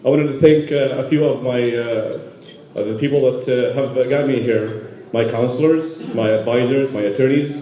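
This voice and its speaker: A man from Yemen giving a halting, emotional award acceptance speech full of fillers at a gala. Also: mid-range voice, steady tone, mellow. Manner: halting, many fillers, moved. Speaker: award recipient. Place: large banquet hall. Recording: roomy hall, dull sound.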